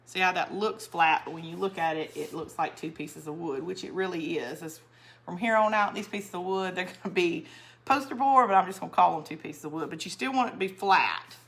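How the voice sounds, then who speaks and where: A woman's voice: fairly low pitch, brisk, vocal fry, a bit bright. Chatty woman hosting a craft live stream. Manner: chatty, rambling, greets viewers by name. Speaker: craft channel host.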